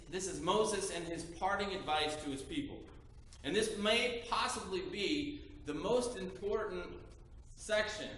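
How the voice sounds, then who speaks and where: A male pastor preaches in a slow, deliberate cadence, leaning hard on key phrases as he reads scripture. His voice is bright and sits a little high. He is picked up from a distance in a big, echoing church. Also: slight background noise. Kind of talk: sermon. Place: church sanctuary. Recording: echoey church from far off.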